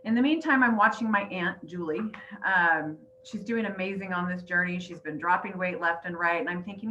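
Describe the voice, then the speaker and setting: A middle-aged grandmother who works as a weight-loss coach shares her personal story on a group online call, earnest, teary and emotional. Her voice is lowish and brisk with hardly any pauses. The sound is lo-fi with a noisy background.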